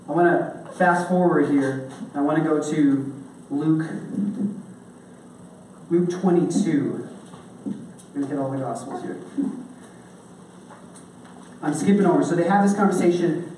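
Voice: medium pitch, dark tone, slight background noise. A preacher giving a casual, conversational sermon, often checking in with the listeners by asking "okay?". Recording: echoey hall, from a distance.

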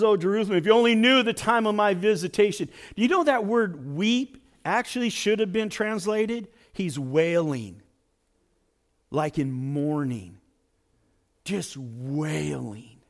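A man preaching a sermon as pastor, dramatic, swinging from near-shouts to hushed asides. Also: sits high, animated, normal speed, hardly any pauses.

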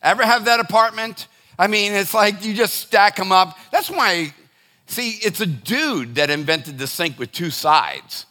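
A man's voice: high voice, expressive, unhurried, bright, forceful tone. A middle-aged man preaching a sermon to his congregation in a loose, conversational way, with frequent restarts and direct asides. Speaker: pastor.

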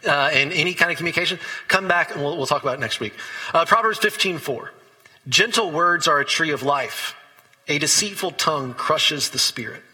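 A man's voice: fairly high pitch, pushed and bright, breathy edge, big-room sound, rough recording. A man preaching a sermon as pastor, talking conversationally and telling stories between scripture readings.

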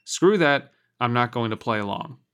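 A defiant young man trapped in a simulation, as a man reads him aloud, his voice angry and rising against his captors. His pitch sits in an ordinary middle range, and he talks like a storybook character pushing back. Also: expressive, normal speed, a bit bright, smooth.

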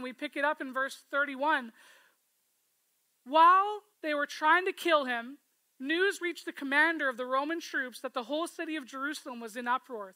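A woman preaching a sermon in a high, bright voice. She retells the scripture story expressively, often asking listeners to imagine themselves in it. The sound is dry and close. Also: dry recording, poor audio.

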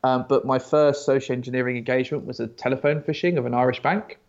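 A man's voice: mid-range voice, steady tone, fast, darkish tone, muffled recording. A British man chatting as an interview guest, often stammering and restarting, telling stories. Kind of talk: casual interview chat.

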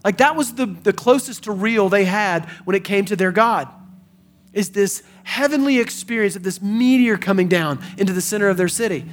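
A man preaching a sermon, swinging between hushed and emphatic delivery. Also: sits high, moderate pace. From American South. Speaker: pastor.

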